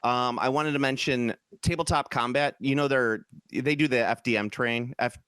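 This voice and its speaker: A man from the American Midwest co-hosting a casual gaming podcast, talking in an animated, profane, jokey way. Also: mid-range voice, moderate pace, clear, resonant tone, dry recording, clean studio sound. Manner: animated, profane, jokey, slips into mock British voices. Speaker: podcast co-host. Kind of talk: casual chat.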